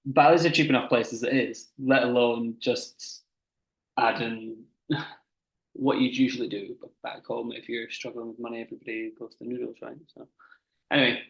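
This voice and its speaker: A young man co-hosting a podcast, chatting in a relaxed, easy way. His voice stays fairly flat in pitch. The room has a noticeable echo. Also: moderate pace, gravelly. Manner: relaxed, conversational, backs up his partner. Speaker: podcast co-host. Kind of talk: casual chat.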